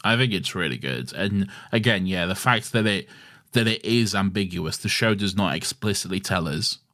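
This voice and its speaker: A man's voice: low-pitched, animated, normal speed, bright, forceful tone. A man co-hosting a podcast in casual chat, laughing often and swearing freely. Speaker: podcast co-host.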